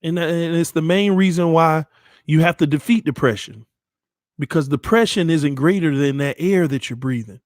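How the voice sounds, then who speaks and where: A man's voice: fairly high pitch, moderate pace, no room sound, clean studio sound. A man hosting a sports channel, giving an earnest, emotional motivational talk to his viewers, often repeating phrases and calling them "man" and "y'all", shaken after hours of crying.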